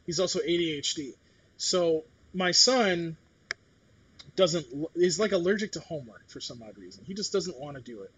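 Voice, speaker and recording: A man's voice: a little high, expressive, normal speed, fairly bright tone, slight background noise. A middle-aged man in casual chat, talking bluntly with swearing and acting out what others said. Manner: blunt, swears, acts out quotes.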